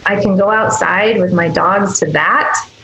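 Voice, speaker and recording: An earnest woman talks as a guest doctor in a podcast interview, her voice gravelly with fry. She is emphatic and often slips into soft, caring quoted asides. The call audio sounds roomy and echoey. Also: mid-range voice, a little slow, slight background noise.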